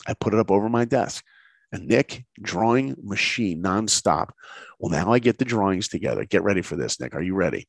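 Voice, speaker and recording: A middle-aged man tells his story with wide swings in pitch and a gravelly edge. He slips into the voices of the people he quotes and laughs as he goes. The recording is dry and close. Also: brisk, no room sound. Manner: lively, acts out quoted voices, laughs often. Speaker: guest storyteller. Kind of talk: animated storytelling in conversation.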